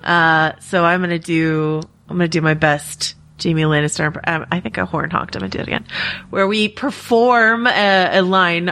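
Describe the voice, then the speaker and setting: A woman's voice: deep voice, fairly bright tone. A woman hosting a podcast in casual chat, enthusiastic and gushing. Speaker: podcast host.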